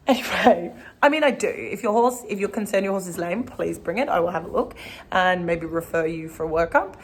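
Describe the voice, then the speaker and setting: A horse trainer speaks at medium pitch and normal speed, chatting casually and at length to a camera outdoors. Her vlog is chatty and rambling.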